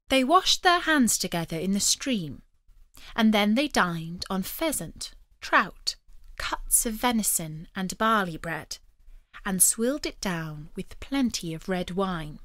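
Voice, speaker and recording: A woman reading a story aloud for language learners, slowly, clearly and carefully. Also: medium pitch, lively intonation, fairly bright tone, no echo, clean studio sound. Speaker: narrator. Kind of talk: audiobook narration for learners.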